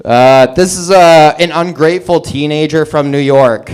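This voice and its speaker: A man's voice: on the high side, normal speed, few pauses, clear, resonant tone. A man doing stand-up, delivering one-liners and chuckling at his own jokes. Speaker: stand-up comedian. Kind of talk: stand-up comedy.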